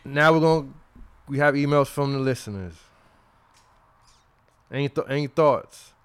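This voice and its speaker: A man hosting a podcast in casual chat, reading listener emails aloud in an animated, slangy way and laughing along. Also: medium pitch, normal speed, smooth. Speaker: podcast host.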